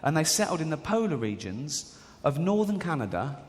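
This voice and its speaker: A man from England in his forties does stand-up in a large theatre, cracking jokes, swearing liberally and voicing characters in mock tones. He speaks at normal speed in a highish voice with big pitch swings, heard via stage mic amid long hall reverb and audience laughter.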